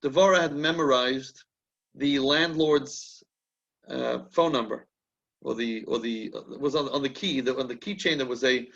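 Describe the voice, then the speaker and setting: A man's voice: mid-range voice, fairly even intonation, moderate pace, gravelly, fairly bright tone, lo-fi sound. A man leading a rabbinic class, telling a story in a chatty way and often restarting his sentences as he thinks aloud. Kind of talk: conversational teaching with anecdotes.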